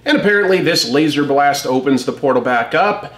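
A man's voice: medium pitch, steady tone, normal speed, a bit bright, echoey room. A man hosting a comic review channel, giving wry, amused casual commentary.

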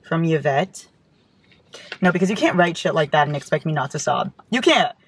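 A woman's voice: low-pitched, lively intonation, moderate pace, a little hiss or hum. Gushing woman in a casual book vlog. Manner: gushing and affectionate, swears casually; reads fan notes aloud. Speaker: book vlogger.

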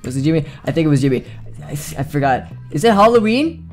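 Young man, gaming commentary, excitable, swears a lot, slightly high voice. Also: a little fast, faint music behind. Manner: excitable, profane, joking. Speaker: gaming video host. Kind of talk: let's play commentary.

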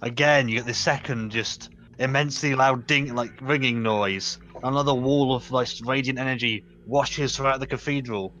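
A man's voice: medium pitch, normal speed, a bit bright, highs cut off. Man running a tabletop game, casual. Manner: casual, stumbling restarts, laughs at jokes. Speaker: game master. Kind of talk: narrating a tabletop game over voice chat.

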